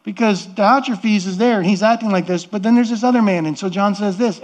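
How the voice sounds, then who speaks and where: A man's voice: sits high, fairly quick, hardly any pauses. A middle-aged man preaching a sermon as pastor, earnest and conversational, often repeating and restarting words.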